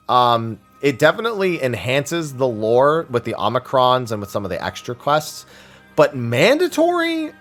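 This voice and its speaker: A man hosting a weekly viewer Q&A, reading questions aloud and thinking them through in a casual, animated way. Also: mid-range voice. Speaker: streamer answering viewer questions.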